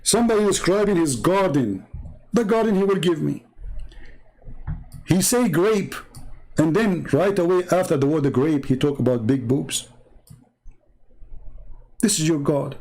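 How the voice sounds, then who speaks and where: Man, show host, somewhat high voice, fry-laden, mocking, emphatic, rhetorical questions, polemical monologue. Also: darkish tone. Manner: emphatic, repeats for effect. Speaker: religious debate host.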